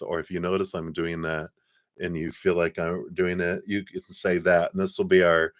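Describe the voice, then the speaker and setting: A man giving a live tarot reading, chatty and warm-humored, laughing often and trailing off with fillers. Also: deep voice, level tone, normal speed, no echo, clean studio sound. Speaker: tarot card reader.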